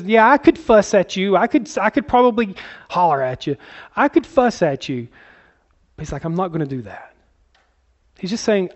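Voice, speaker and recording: A man preaching a conversational sermon, acting out quotes in sudden high bursts. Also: darkish tone. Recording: dull lo-fi sound.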